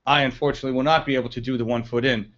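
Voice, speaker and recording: A man's voice: medium pitch, steady tone, rapid-fire, a bit bright, muffled recording. A man giving blunt, profane political commentary on a live stream.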